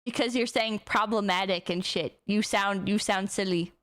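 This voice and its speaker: A woman's voice: medium pitch, moderate pace, a bit bright. A young woman streamer with a teasing, giggly way of talking, chatting casually and reading a post aloud. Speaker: streamer host. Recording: streaming mic with music behind. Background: background music.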